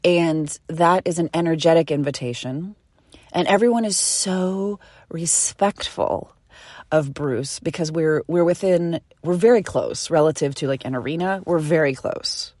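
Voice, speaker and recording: Woman, low pitch, animated casual storyteller, dry close sound. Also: moderate pace, no room sound. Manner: animated, chatty, swears casually.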